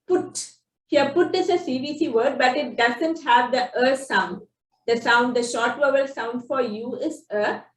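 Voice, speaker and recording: A woman teaching phonics, explaining spelling rules slowly and sounding out example words one by one. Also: sits high. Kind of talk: slow instructional explanation. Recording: echoey room, distant from the mic.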